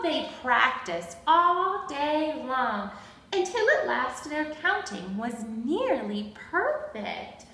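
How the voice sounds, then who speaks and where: Slow sing-song woman reading to kids. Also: sits high, sing-song, pushed and bright. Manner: sing-song, gasping, cheerfully encouraging. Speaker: children's librarian. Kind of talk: children's storytime read-aloud. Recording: roomy echo.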